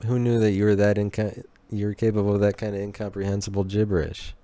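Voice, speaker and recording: A man with a low, smooth, clear voice rambles through a comedic podcast monologue. He keeps restarting his sentences and talks to himself with irony. The sound is dry and close. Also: little pitch movement, fast, warm tone, dry recording. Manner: rambling, restarting sentences, ironic self-talk. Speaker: podcast host.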